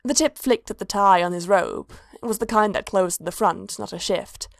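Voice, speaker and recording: A woman narrating a story in a steady, even reading voice. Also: mid-range voice, moderate pace, creaky, no echo, clean studio sound.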